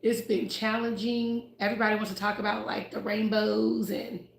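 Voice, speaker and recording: A chatty, expressive woman who grew up in Ohio and Houston, talking casually about faith on a livestream and laughing often. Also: medium pitch, moderate pace, gravelly, slight background noise. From United States (Ohio, raised in Houston). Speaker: livestream host. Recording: roomy echo.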